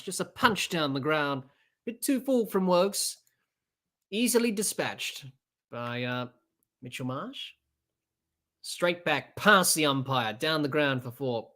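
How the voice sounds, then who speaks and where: Man calling cricket, casual and halting. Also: on the high side, bright, forceful tone. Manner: unscripted, halting with fillers and restarts. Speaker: podcast host doing live match commentary. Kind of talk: casual play-by-play cricket commentary.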